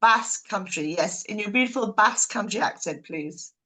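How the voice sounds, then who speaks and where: A woman's voice: mid-range voice, lively intonation, normal speed, bright, forceful tone, low-quality recording. Woman running a book group over a video call, chatty, laughs a lot, keeps asking everyone questions.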